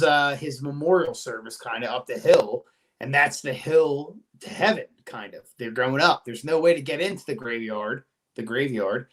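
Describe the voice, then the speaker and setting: A man hosting a podcast, retelling an episode in casual chat with an animated, profane, storytelling manner. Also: medium pitch. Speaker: podcast host.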